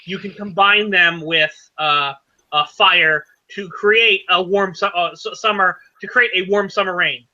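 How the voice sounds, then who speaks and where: High, bright-voiced game master. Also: male voice, steady tone, dull audio. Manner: halting, many fillers and self-corrections. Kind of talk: narrating a tabletop game.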